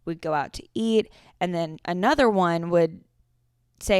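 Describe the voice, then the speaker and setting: Twenty-something woman podcasting solo, chatty and swears a lot, smooth clear voice, dry close mic. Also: fairly low pitch, moderate pace, darkish tone, dry recording. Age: 20s. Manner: chatty storytelling with frequent swearing. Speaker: podcast host. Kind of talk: casual solo podcast chat.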